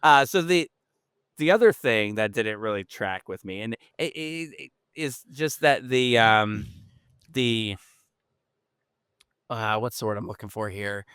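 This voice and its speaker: Bright smooth-voiced man, joking. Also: unhurried, pauses often, no room sound, studio quality. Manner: laughs often, rises to high squeaks when making a point. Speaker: podcast co-host. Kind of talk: casual chat, movie review.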